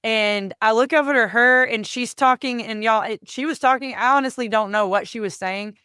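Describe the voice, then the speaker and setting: A woman's voice: fairly high pitch, normal speed, bright, forceful tone, smooth, no echo, clean studio sound. A woman hosting a podcast, telling a personal story in an earnest way, often repeating words and calling listeners "y'all". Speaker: podcast host.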